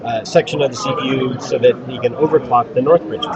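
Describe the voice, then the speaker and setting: A man co-hosts a live hardware stream in an easygoing way, calmly walking through technical details. The audio is somewhat dull, and a crowd is clearly audible behind him. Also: medium pitch, fast talker. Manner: relaxed, explains technical details. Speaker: livestream co-host. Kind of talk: live event commentary.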